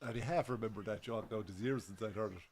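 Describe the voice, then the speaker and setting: A man's voice: on the low side, fast talker, a little mellow. A man with an Irish accent co-hosting a live football watch-along from a bar, in casual chat full of swearing and acted-out joke voices. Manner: swears freely, tells jokes with voiced characters. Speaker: co-host. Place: bar during a live match.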